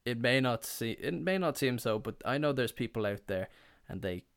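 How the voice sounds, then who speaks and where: A man's voice: mid-range voice, expressive, moderate pace, gravelly. A young man hosting a podcast, telling rambling, sweary comedic stories and slipping into put-on voices. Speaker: podcast host. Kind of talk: casual comedic storytelling.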